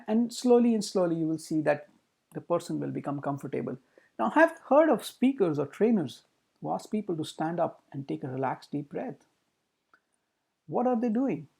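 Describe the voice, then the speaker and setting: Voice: gravelly, husky. A communication trainer giving a recorded training talk, explaining with rhetorical questions. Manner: demonstrates pitch, pace and loudness with the voice.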